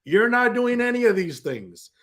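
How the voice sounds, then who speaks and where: A man with a New Jersey accent hosts a political commentary show. He rants with open sarcasm and scoffing disbelief. His voice sits high for a man and swings widely in pitch. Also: big pitch swings, moderate pace, fairly bright tone.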